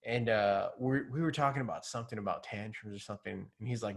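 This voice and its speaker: A man's voice: lowish voice, quick pace, creaky, few pauses. A young man hosting a casual podcast interview, talking in a laid-back way with lots of fillers and laughing through his stories. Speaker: podcast host.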